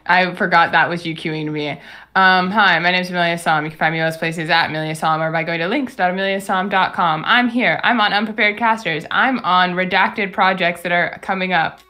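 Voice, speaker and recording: A woman playing a tabletop role-playing game, chatty and easygoing. Her voice is bright and clear but sits lower than most women's. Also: fairly even intonation, brisk. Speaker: player. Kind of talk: casual tabletop play.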